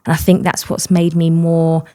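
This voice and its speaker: Low-voiced chatty woman. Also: completely flat delivery, mellow, smooth. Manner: open and talkative, quick bursts with laughter. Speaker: podcast guest, mental well-being workshop leader. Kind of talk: casual podcast conversation.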